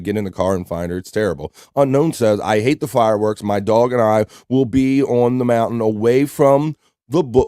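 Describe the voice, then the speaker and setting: Male live-stream host, mid-pitched, dry close mic, casual chat reading viewer comments. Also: a little mellow, no echo. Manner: reads out chat messages and greets viewers by name.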